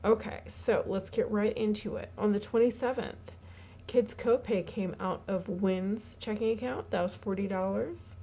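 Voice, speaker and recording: A woman walking through her family budget in a casual, halting way, tired and yawning, with lots of fillers. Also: medium pitch, creaky, warm tone, slightly rough. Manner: chatty, halting, many fillers and restarts. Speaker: budgeting vlogger.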